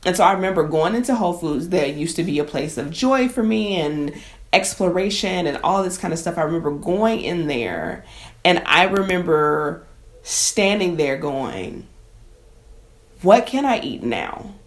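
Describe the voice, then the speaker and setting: Emotional low-voiced woman chef. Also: lively intonation, normal speed. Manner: emotional, conversational, addresses viewers as y'all. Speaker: chef and cooking teacher. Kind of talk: personal story to camera.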